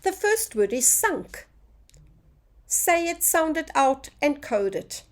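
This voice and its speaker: A woman's voice: high voice, big pitch swings, slow. A woman teaching a phonics lesson to young children, drawing out each sound in a sing-song teacher voice.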